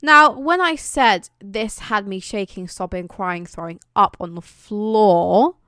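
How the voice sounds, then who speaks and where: A young British woman talks straight to camera in a chatty, dramatic way, piling on playful exaggeration. Her voice is smooth and clear, and the dry, close recording carries no room sound. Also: medium pitch, takes it slowly, bright, forceful tone, no room sound. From Britain. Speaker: vlogger. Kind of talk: casual chat.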